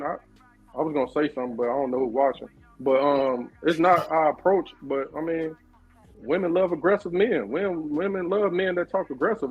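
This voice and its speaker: Man from chicago, husky voice, brash defensive talk, dull lo-fi sound, faint music. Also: a little high. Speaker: panelist. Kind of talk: heated podcast debate.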